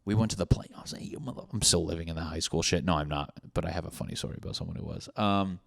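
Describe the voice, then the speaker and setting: A young man with a low voice rants casually and profanely into a close, dry podcast mic. He mocks people as he talks, swearing freely in an offhand monologue. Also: quick pace, vocal fry, no room sound. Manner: profane, ranting, mocking. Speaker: podcast host.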